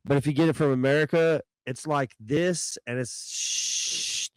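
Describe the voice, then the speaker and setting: A man's voice: on the high side, steady tone, unhurried, clear, resonant tone, dry recording, poor audio. A man co-hosting a podcast, chatting casually and dropping short wry remarks. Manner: short wry interjections and laughs. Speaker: podcast co-host. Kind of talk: casual chat.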